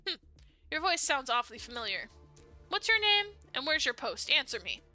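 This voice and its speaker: A woman's voice: sits high, big pitch swings, moderate pace, pushed and bright, soft background music, heavily acted. Woman reading as a cold, threatening boss man. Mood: menacing. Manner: stern, threatening. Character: cold, menacing male company president.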